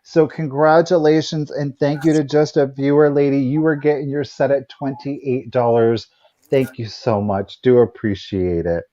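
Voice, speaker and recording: A man co-hosting a live online sale, counting down and calling out bids in a steady, matter-of-fact way. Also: mid-range voice, normal speed, highs cut off. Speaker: live auction co-host.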